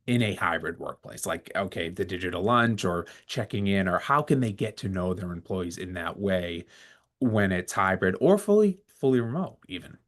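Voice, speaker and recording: A man moderating a webinar, asking a panelist questions in a hesitant way, with many pauses and restarts. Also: low voice, expressive, a bit bright. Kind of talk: conversational questions. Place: video call.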